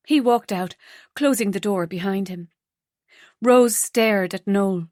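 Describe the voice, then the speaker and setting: A woman narrating an audiobook in a measured, even scripted reading. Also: medium pitch, no echo, clean studio sound.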